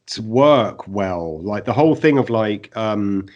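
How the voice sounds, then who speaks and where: Casual co-host: man, fairly low voice, animated, lots of fillers and restarts. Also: a little slow, muffled recording. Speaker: podcast co-host. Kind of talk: casual TV review chat.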